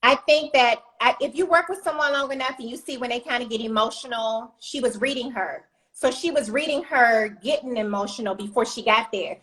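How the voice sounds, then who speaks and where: A woman's voice: fairly high pitch, fairly quick, few pauses, a bit bright, poor audio. A woman co-hosting a casual talk show, blunt and fiery as she speaks her mind. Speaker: co-host.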